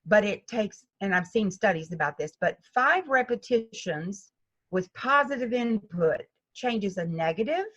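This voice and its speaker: A woman golf instructor talks through an interview in an animated way. She acts out other people's voices as she tells her stories. The recording sounds slightly muffled. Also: mid-range voice. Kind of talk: interview conversation.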